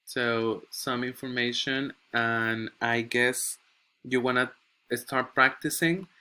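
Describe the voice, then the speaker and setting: A man's voice: medium pitch, steady tone, slow pace, sharp tone, clear, resonant tone. A male English teacher giving a recorded grammar lesson. He reads textbook examples aloud and keeps checking in with "okay?".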